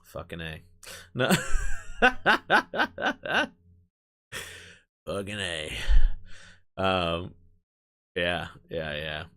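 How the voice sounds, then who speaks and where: A man's voice: sits low, huge pitch swings, very slow, long pauses, bright, forceful tone. A man hosting a casual live stream, rambling along, using lots of fillers and swearing casually.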